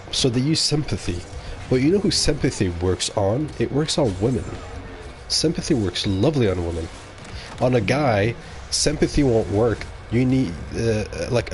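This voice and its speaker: A man's voice: on the low side, a little hiss or hum. A man streaming a game and talking casually to his audience, rambling and opinionated and often correcting himself mid-sentence. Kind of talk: casual livestream monologue.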